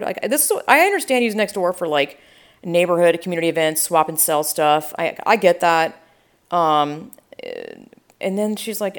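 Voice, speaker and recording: A woman's voice: fairly low pitch, expressive, moderate pace. A young adult woman telling a long story in casual chat, rambling with many fillers, sarcastic and swearing freely.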